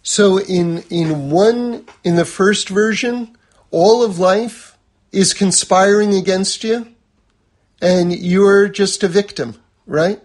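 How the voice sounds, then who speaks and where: A man's voice: sits high, slow pace. A man teaching a lesson on a religious text, talking conversationally and using everyday examples.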